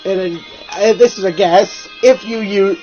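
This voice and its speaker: A man's voice: high voice, measured pace, a little mellow. A man with a stuffy nose and sore throat, sounding nasal, chatting casually as a video co-host and rambling with many restarts and fillers. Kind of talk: casual chat. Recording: slightly dull recording with faint music.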